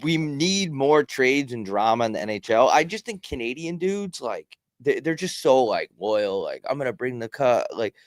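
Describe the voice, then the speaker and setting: A man's voice: mid-range voice, sing-song, normal speed, hardly any pauses, dry recording, studio quality. A man co-hosting a podcast in casual sports chat, rambling and profane. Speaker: podcast co-host.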